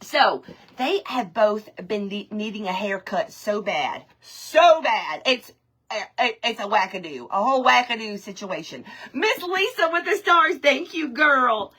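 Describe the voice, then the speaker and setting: A woman's voice: fairly high pitch, very animated, unhurried, bright, forceful tone, husky. A woman, chatting through a live craft stream, greeting viewers by name and laughing often. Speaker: craft livestream host.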